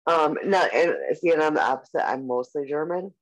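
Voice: mid-range voice, animated, normal speed. A podcast co-host in their forties, chatting casually with lots of fillers and easy swearing. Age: 40s. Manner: rambling, full of "like" and "um", casual swearing. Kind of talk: casual chat. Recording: muffled lo-fi audio.

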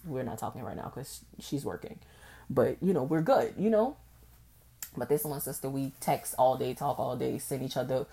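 Low-voiced candid woman podcaster. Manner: candid and expressive, acts out past conversations in a high voice. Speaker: podcast host. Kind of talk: casual solo podcast monologue.

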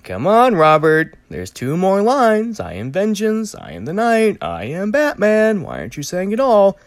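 A man mimicking a veteran Batman voice actor, pushing his voice up high and drawing out each line in exasperation. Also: wildly swooping pitch, no echo, heavily acted. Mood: exasperated. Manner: high, exasperated, drawn-out delivery.

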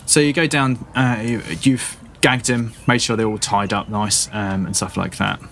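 A man narrating a tabletop game as game master, halting with many fillers. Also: fairly low pitch, level tone, fairly bright tone, a little hiss or hum. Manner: halting, lots of ums.

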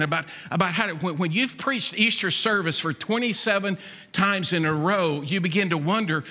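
A Southern US pastor in his fifties preaches with a folksy, storytelling flair. His voice sits high and bright for a man. It carries a long reverb from a large hall. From Mississippi. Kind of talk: sermon. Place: church sanctuary.

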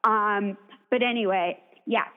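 A woman's voice: mid-range voice, fairly even intonation, slow pace, clear, resonant tone. A woman co-hosting a casual chat, giving her opinions freely with lots of "like". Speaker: podcast co-host. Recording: phone-like narrow sound.

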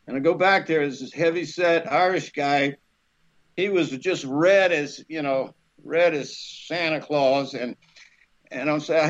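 Animated man telling a lively story. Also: on the high side, measured pace, dull audio. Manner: lively anecdote teller, acts out voices, laughs often. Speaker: actor guest.

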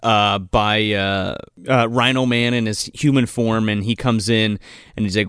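A man co-hosting a casual movie discussion, excitable and profane, laughing often. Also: on the low side, unhurried, smooth, no echo, studio quality. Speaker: podcast co-host.

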